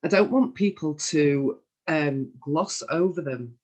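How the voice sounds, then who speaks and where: A woman hosting an interview, asking questions in a measured, deliberate way. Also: deep voice, darkish tone. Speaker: interviewer, host.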